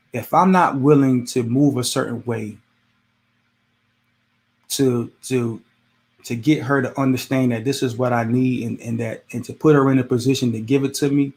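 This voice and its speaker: Here a gravelly man with a medium, slightly mellow voice hosts a podcast and hands out casual advice. His motivational talk is conversational yet repetitive, and he preaches through rhetorical questions.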